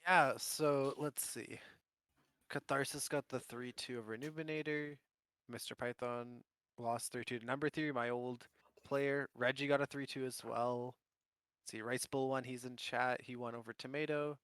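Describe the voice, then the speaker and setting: A man with a bright, smooth, crisp voice recaps esports results, recorded dry and close. He talks loosely and admits what he doesn't know. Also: medium pitch, moderate pace, no room sound. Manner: relaxed, rambling, self-deprecating. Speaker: co-host analyst.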